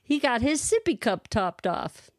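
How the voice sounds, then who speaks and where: A woman co-hosting a podcast, telling a lively personal story in casual chat and laughing often. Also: a little high, a little slow, no echo, studio quality. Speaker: podcast co-host.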